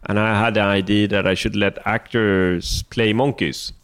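A man who is a film director, a Swedish native speaker, answering interview questions in a thoughtful, halting way with many restarts. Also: lowish voice, fairly even intonation, a bit bright, clear, resonant tone.

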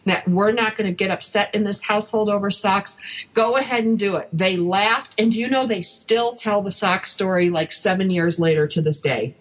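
Woman host telling a lively story. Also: medium pitch, dull audio. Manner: storytelling, acts out quoted voices. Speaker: radio show host. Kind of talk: casual radio chat.

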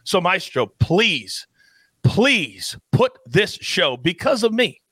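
A man hosting a sports betting show with energetic, playful hype and big swings in his delivery. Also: high voice, slow, husky, no echo. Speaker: host.

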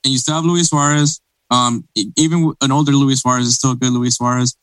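A man in casual podcast chat, circling his points and restarting often. His voice sits at an ordinary pitch. The sound is close and dry with no room around it. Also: fairly even intonation, fast, a bit bright, no room sound, rough recording. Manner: rambling, many restarts and fillers. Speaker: podcast co-host.

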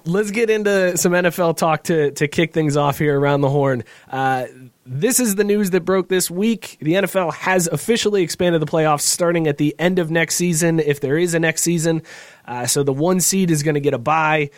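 A man's voice: a little high, normal speed, no echo. A man hosting a casual podcast chat over a video call, loose and joking, laughing often. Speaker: podcast host.

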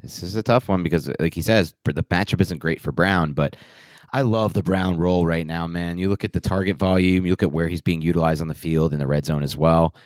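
A very low-pitched man from northern New Jersey talks fantasy football picks with firm, confident opinions. The sound is close and dry, with no room around it. It is relaxed podcast banter. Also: brisk, no echo. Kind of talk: casual podcast chat.

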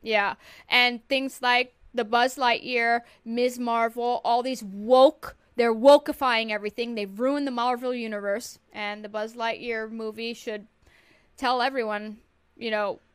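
A woman co-hosting a casual podcast, chatty and quick to laugh. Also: fairly high pitch, steady tone, clear, resonant tone, dry recording. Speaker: co-host.

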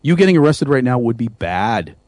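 A man hosting an internet radio talk show, talking in an animated, rambling way with many restarts and self-mocking asides. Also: medium pitch, a little fast, no echo. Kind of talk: casual radio chat.

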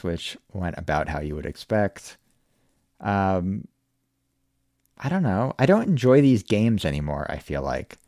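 Wry low-voiced man hosting a podcast. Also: darkish tone, dry recording, clean studio sound. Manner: laid-back, wry, laughs often, swears casually. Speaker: podcast host. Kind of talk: casual podcast chat.

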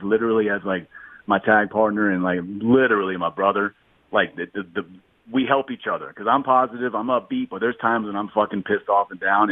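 A man's voice: lowish voice, no room sound. Candid, cursing man on a phone line. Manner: candid, profane. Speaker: podcast guest, wrestler. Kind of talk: casual candid talk. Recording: tinny phone-like line, dry.

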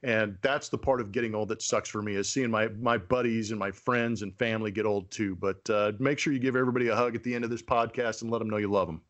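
A middle-aged man, co-hosting a podcast in casual chat, self-deprecating and quick to laugh. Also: on the low side, steady tone. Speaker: podcast co-host.

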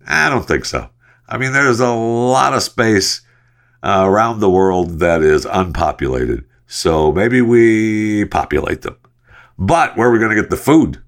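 A man's voice: lowish voice, animated, measured pace, a bit bright. A man hosting a solo podcast, reading news stories and adding rambling, sarcastic asides with lots of fillers. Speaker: podcast host. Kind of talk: casual solo news commentary.

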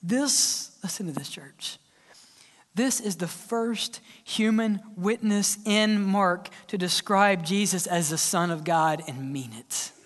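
A male pastor preaching a sermon, swinging between loud cries and hushed whispers. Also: high-pitched, takes it slowly. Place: large church hall. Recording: long church-hall reverb.

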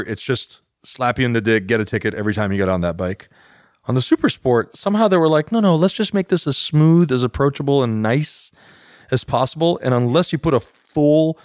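A man's voice: on the low side, dry recording, clean studio sound. A man co-hosting a casual podcast chat, enthusiastic and laughing often, swearing freely. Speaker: podcast co-host.

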